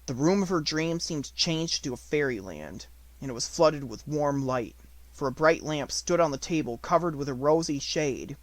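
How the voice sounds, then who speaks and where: A man reading an unabridged novel aloud as an audiobook narrator, with expressive storytelling. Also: fairly high pitch, normal speed, no echo.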